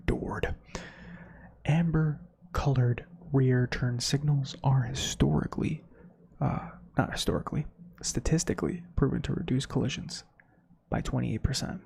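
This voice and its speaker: A man hosting a soft-spoken ASMR reading of facts, softly whispering with chatty asides. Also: medium pitch, steady tone, a little slow, creaky, husky. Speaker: ASMR host.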